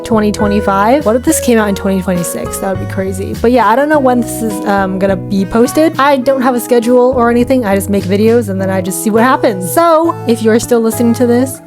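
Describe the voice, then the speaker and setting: A young woman, an art vlogger, chatting in a bubbly, quick-burst way as she narrates her drawing video. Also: a little high. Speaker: art YouTuber. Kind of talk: casual vlog voice-over. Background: background music.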